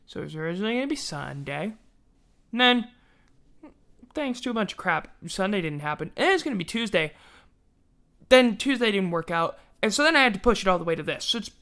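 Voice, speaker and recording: A man's voice: sits high, sing-song, normal speed, long pauses, bright, forceful tone, clean tone. A man hosting a casual sports livestream, rambling and self-mocking, yawning now and then as he talks. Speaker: podcast host.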